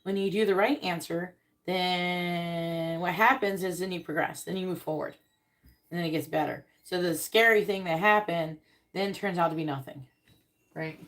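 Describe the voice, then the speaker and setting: A woman doing a casual live tarot reading, reading card meanings aloud and speaking bluntly, with swearing and quick comic voices. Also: fairly low pitch, fairly even intonation, fairly bright tone. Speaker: tarot reader on a live stream.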